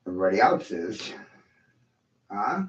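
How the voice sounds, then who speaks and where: A man's voice: low-pitched, sing-song, measured pace. Crude, mocking man in an echoey room. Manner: crude, profane, mocking, rambling. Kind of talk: rambling monologue. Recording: echoey room, dull lo-fi sound.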